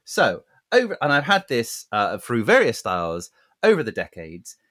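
A man's voice: mid-range voice, wildly swooping pitch, moderate pace, a bit bright. A man co-hosting a podcast, chatting casually with playful, mock-pompous teasing. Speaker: podcast co-host. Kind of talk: casual chat.

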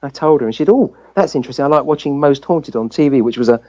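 A man's voice: mid-range voice, fast, a little mellow, highs cut off. An English man, a family physician, telling a personal story as a guest in an interview, and acting out the voices he quotes. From England.

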